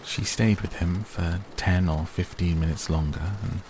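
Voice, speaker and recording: A man softly reading a bedtime audiobook in a calm, even way. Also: sits low, a little slow, slight background noise. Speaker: audiobook narrator. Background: rain sounds.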